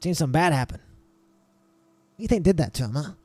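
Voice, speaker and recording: Man voicing a nosy, chatty guard, pitched up, dry and close. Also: lively intonation, fairly quick, a little mellow, dry recording. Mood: gossipy.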